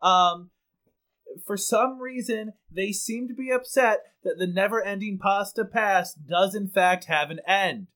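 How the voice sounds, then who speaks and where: Guy doing a deadpan news reporter on the ground, kinda high voice, totally straight-faced. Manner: mock-serious reporter delivery. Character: male on-scene news correspondent, earnest and deadpan.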